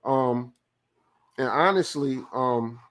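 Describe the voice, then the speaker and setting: A male livestream host from California talks in a relaxed, profane way. He rambles through stories with restarts and reads viewers' chat messages aloud before answering them. His voice sits at an ordinary middle pitch. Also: slow. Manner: profane, loose storytelling with restarts. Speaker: live show host. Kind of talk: casual livestream commentary.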